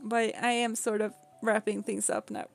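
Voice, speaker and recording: A woman's voice: a little high, level tone, moderate pace, creaky, faint music behind. A woman whose first language is Swedish, chatting casually while streaming a game, giggling often and rambling with repeated words. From Sweden.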